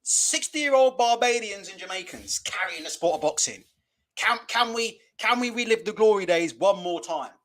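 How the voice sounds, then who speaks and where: West Indies-born vlogger, animated and profane, high lively voice. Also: male voice, moderate pace. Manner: animated, laughing, swearing. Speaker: boxing vlogger. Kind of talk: casual ranting vlog.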